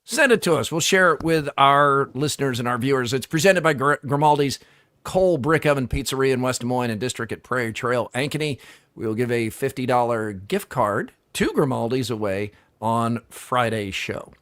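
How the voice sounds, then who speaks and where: A middle-aged man co-hosting a casual sports talk show, relaxed and reading sponsor plugs between chatter. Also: mid-range voice, moderate pace. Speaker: radio show co-host.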